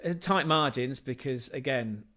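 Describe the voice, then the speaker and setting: A man's voice: mid-range voice, a little slow, bright, forceful tone. A man hosting a casual football livestream, chatty and rambling, with self-mocking asides. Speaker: football podcast host.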